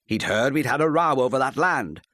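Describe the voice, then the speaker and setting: A man's voice: mid-range voice, lively intonation, a little fast, dry recording, clean studio sound, pitched above the performer's own voice. A man voicing a short-tempered middle-aged husband who speaks curtly and emphatically. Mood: angry. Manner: curt, emphatic, shouting.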